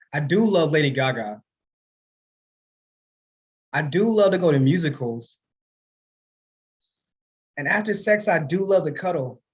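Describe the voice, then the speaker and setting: A man works through a deadpan, self-mocking stand-up set. His voice sits a little high for a man. The sound is slightly dull and lo-fi, like a streamed show. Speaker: stand-up comedian. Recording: dull lo-fi livestream audio.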